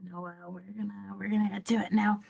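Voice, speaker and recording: A woman playing a tabletop game, soft-spoken and hesitant, with a husky voice. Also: mid-range voice, level tone, fairly quick, lo-fi sound. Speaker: player.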